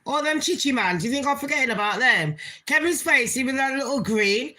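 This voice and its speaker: A woman's voice: high voice, animated, a little fast, bright, forceful tone. A woman hosting her own channel, ranting bluntly in casual commentary and swearing heavily with open scorn. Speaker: channel host.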